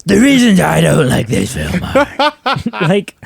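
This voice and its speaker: Animated, ranting male podcast host. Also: high voice, measured pace, vocal fry, breathy edge, dry recording, studio quality. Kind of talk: casual movie review chat.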